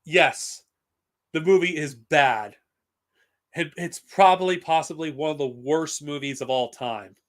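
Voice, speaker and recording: A man's voice: a little high, measured pace, a bit bright. A man talking casually on a live stream, blunt and profane, rambling with frequent restarts. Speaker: streamer reviewing comics and films.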